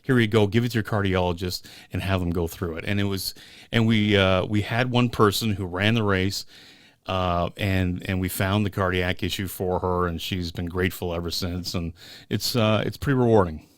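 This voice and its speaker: A man's voice: low voice, steady tone, moderate pace, no room sound, studio quality. A man co-hosting a casual podcast, loose and joking, swearing now and then. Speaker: podcast co-host. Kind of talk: casual chat.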